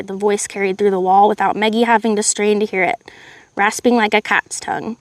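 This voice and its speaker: A woman reads a novel aloud on a live stream, keeping a steady, even voice and breaking off now and then for chatty asides to her viewers. She sits close to a desk mic, and the sound is dry, with no room echo. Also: mid-range voice, fairly quick. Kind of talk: live read-aloud narration.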